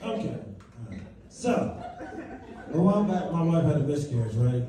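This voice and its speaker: A man doing a stand-up set on a club stage, bantering with the audience, swinging between loud bursts and low mutters. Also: sing-song, normal speed, heavy background noise. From Virginia. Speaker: stand-up comedian. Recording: echoey club recording from far off, loud crowd. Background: audience laughter.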